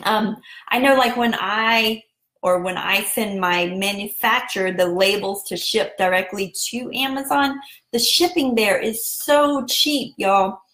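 A woman's voice: mid-range voice, unhurried, fairly bright tone, roomy sound. A woman from South Carolina with a Southern accent, chatting casually to viewers in a live video as an online business coach. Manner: chatty, addresses viewers directly. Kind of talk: casual Facebook Live talk.

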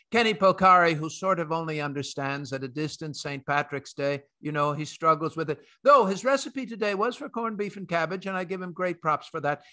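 A man's voice: fairly high pitch, sharp tone. A man hosting a financial talk show, chatty and jovial, with frequent fillers and restarts. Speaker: host and chief market strategist.

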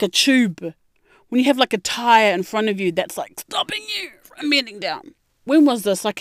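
A young woman, ranting and telling stories in a brash, profane way, with sudden high-pitched outbursts. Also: no room sound, clean studio sound. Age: young adult. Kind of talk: profane storytelling rant to camera.

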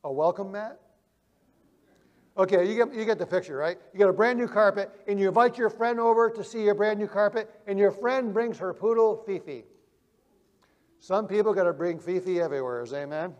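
A male preacher telling vivid illustrations, swinging from loud emphasis to hushed quiet. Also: high-pitched, fairly quick, long reverb tail. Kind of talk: sermon.

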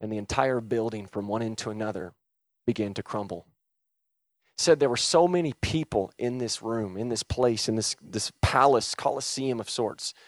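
Guy preaching hard, big swings from shouting to near hush, dry close sound. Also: lowish voice, moderate pace, no echo. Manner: impassioned, swings from shouting to hushed. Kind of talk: sermon.

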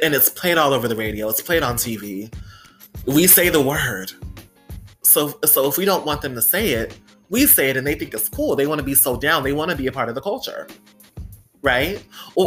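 A woman's voice: extremely low pitch, expressive, brisk, a bit bright, soft background music. A woman hosting a solo podcast, talking candidly and with plenty of swearing, often saying "you know" and "right?". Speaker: podcast host.

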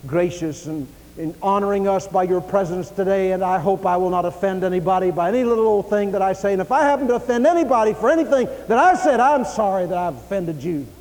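A man's voice: sits high, lively intonation, fast talker, few pauses, darkish tone, big-room sound, low-quality recording. A man voicing a timid male preacher who is overly polite and apologetic toward his congregation.

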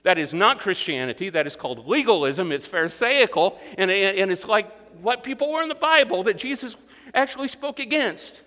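A man's voice: high-pitched, animated, moderate pace, pushed and bright, in a large hall. A man preaching a sermon as pastor, earnest and building to emphatic peaks, sometimes acting out the inner voices of his listeners.

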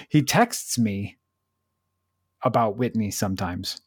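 A man's voice: lowish voice, huge pitch swings, slow pace, breathy edge, dry recording, clean studio sound. A man co-hosting a podcast, chatting casually and joking, laughing often. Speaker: podcast co-host. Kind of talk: casual chat.

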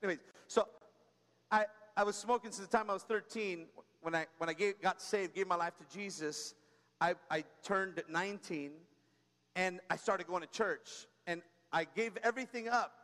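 A man delivering a sermon in a high, light voice, talking to the congregation like a friend and telling stories with humor. He keeps prompting the room with quick asides. His voice trails off into a long reverb from a large church space. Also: a bit bright. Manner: conversational preaching, frequent "come on" and "right?"; tells personal stories with humor. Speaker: pastor.

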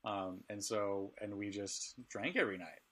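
Candid man with a lowish, bright voice. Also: normal speed. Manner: candid, laughs often. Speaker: podcast co-host. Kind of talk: casual chat.

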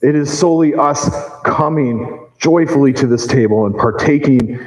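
A male pastor delivering a sermon in a church, earnest and measured, with slow emphatic phrases. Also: mid-range voice, reverberant, in a large hall, poor audio.

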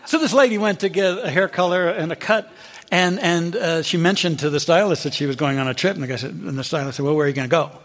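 Reverberant male minister preaching. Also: fast. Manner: storytelling with high animated voices for quoted characters. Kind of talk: sermon.

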